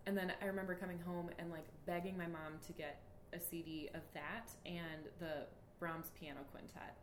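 A woman's voice: lowish voice, level tone, normal speed, reverberant, a little hiss or hum. A woman hosting a podcast in casual chat, laughing often and reading passages aloud. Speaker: podcast host.

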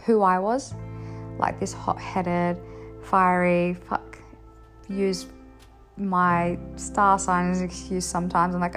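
A young woman speaking candidly to her viewers in a relaxed confessional vlog. Her voice sits at a medium pitch and she talks bluntly, swearing freely and laughing between points. Soft music plays faintly underneath. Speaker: vlogger sharing her experience. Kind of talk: casual confessional talk to camera.

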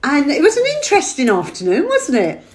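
Chatty storytelling English woman, lively pitch. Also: brisk. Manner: chatty, storytelling, laughing often. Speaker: podcast host. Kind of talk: casual chat.

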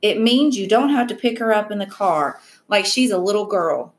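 A woman voicing a middle-aged father who talks in a stern, exasperated, brisk way. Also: mid-range voice, natural voice. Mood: insistent.

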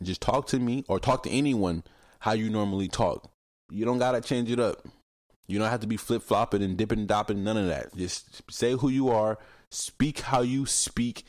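A man's voice: fairly low pitch, dry recording, clean studio sound. A young man hosting a casual solo podcast, telling stories bluntly, cursing freely and mimicking how other people talk. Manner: animated storytelling, mimics other people's voices. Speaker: podcast host.

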